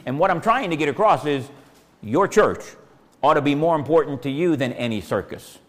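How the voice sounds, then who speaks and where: A man's voice: a little high, expressive, moderate pace, fairly bright tone. A man preaching a sermon as pastor in a church, folksy and repetitive, asking the congregation questions. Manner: folksy, asks the congregation questions, repeats phrases. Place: church sanctuary. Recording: long hall reverb.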